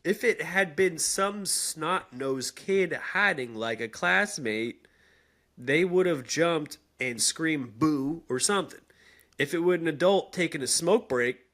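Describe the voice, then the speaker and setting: A man's voice: measured pace, a bit bright. A man reading as a woman spinning a spooky woods tale. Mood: dramatic. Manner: dramatic reading with swings in pitch and pace. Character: grown woman retelling a spooky childhood encounter. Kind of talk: reading a listener's story aloud.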